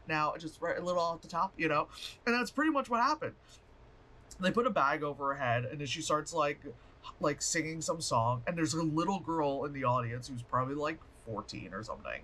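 A man chatting through a movie review vlog, animated and profane, rambling with fillers and laughs. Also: on the high side, fairly quick.

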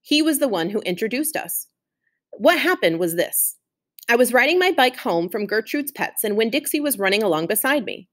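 A woman's voice: fairly high pitch, big pitch swings, normal speed, fairly bright tone. A woman teacher recapping and reading a chapter aloud to a class in a friendly, chatty way.

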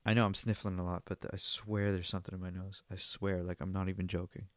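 A man's voice: low voice, little pitch movement, quick pace, fairly bright tone, no room sound. A young man hosting a casual solo podcast from Canada, rambling and joking, swearing freely and sniffling now and then, on a close desk microphone. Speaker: podcast host.

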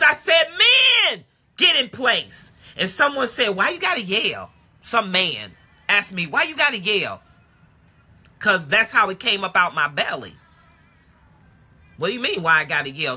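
Woman preacher, live-stream sermon, high bright voice with a husky edge, casual talk rising to shouts. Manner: call-and-response preaching, swings from low talk to shouted praise; casual street-talk phrasing. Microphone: phone or webcam live stream.

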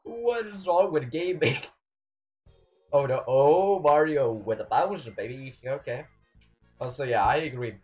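A young man commentating his own gameplay, excitable, swinging between yelling and muttering at the game. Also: medium pitch, measured pace, lo-fi sound, faint music behind. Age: young adult. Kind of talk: let's play commentary.

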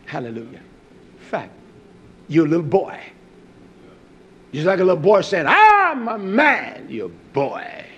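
Male preacher, high-pitched, alternates forceful shouts and quiet asides. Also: muffled recording, a little hiss or hum. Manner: swings from loud rising preaching to low quiet storytelling. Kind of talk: sermon.

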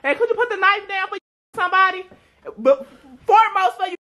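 A woman's voice: very high-pitched, expressive, brisk, bright, forceful tone, slight background noise. A young woman, pulling a prank in a casual vlog, laughing and teasing while calling his name.

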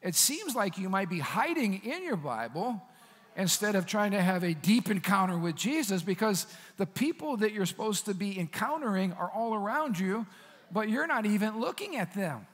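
A man preaching a sermon as pastor, in a conversational, animated style with asides to the congregation. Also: sits high, normal speed, slightly rough, big-room sound. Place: church sanctuary.

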